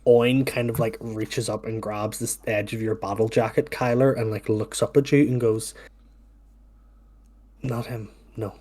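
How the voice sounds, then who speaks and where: A man narrating as game master, relaxed and hesitant, with many fillers. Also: lowish voice, normal speed, few pauses.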